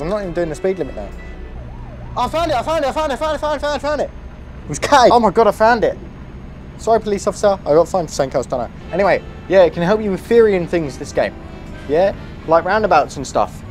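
A young man with a British accent chatting casually over his driving game, excitable and prone to yelps and swearing. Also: medium pitch. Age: young adult. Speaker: gaming YouTuber. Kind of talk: casual gameplay commentary.

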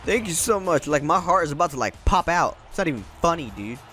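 Excitable young man with lively pitch. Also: fast. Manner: excitable, yelps and laughs, repeats words. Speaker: gaming channel host. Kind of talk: excited gameplay commentary. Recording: faint game music behind.

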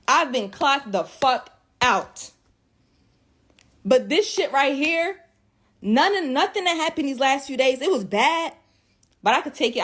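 Brief: woman, slightly high voice, tearful, cursing, repeats lines in a raw defiant vlog rant. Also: a bit bright. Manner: profane, repeats herself, swings between shock and defiance. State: tearful after days of crying. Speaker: social media creator.

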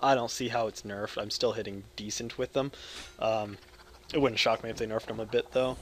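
Loud rambling crude young man. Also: fairly low pitch, steady tone, normal speed, slight background noise. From United States. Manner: loud, jokey, crude, swings between yelling and mumbling. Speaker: gaming video creator. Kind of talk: rambling live gameplay commentary.

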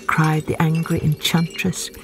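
A woman storyteller narrating a children's tale in an expressive, gentle way. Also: sits low, a little slow, over music. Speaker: storyteller, podcast host.

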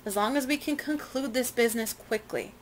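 Pompous portly gentleman, impatient and dismissive, voiced by a female reader. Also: a little high, fairly quick, a little hiss or hum, pitched above the performer's own voice, natural voice. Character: pompous well-fed colonial gentleman.

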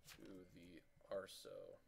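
A man's voice: slow pace, background noise. Young man ranting furiously over gameplay. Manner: furious, swearing, shouting bursts. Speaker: gaming channel host.

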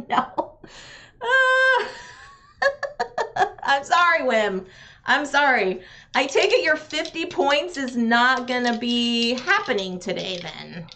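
A woman's voice: on the high side, pushed and bright. A woman, chatting with viewers while playing a roll-and-write game on a live stream, laughing often.

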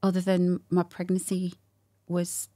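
A woman's voice: fairly low pitch, measured pace. A woman, a guest candidly telling a personal story with laughter and quoted dialogue. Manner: warm, laughing, animated retelling with quoted dialogue.

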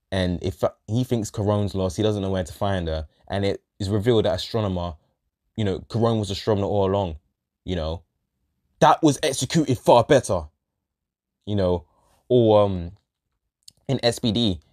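A man's voice: on the low side, darkish tone. A man ranting in a show review, exasperated and profane, repeating himself and trailing off in sighs. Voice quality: exasperated, sweary, repetitive.

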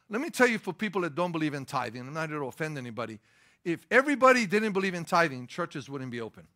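Preaching at a quick pace with a sing-song lilt, a middle-aged male pastor uses a fairly high voice that has a bright, forceful edge. In this sermon he lands points with abrupt stressed lines before slipping into laid-back story asides.

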